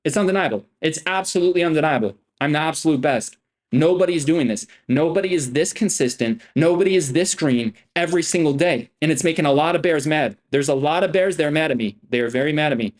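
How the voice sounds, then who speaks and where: A man's voice: fairly high pitch, fast talker. A young man streaming his trades live, boasting and swearing freely and repeating himself. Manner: boastful, profane, repetitive swagger. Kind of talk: live-stream trading commentary.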